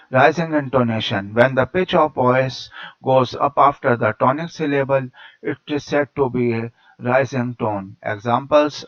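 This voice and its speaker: Guy reading out a lesson like a teacher, mid pitch, kinda muffled lo-fi audio. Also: a little slow, fairly bright tone. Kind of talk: read-aloud lecture narration. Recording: dull lo-fi recording.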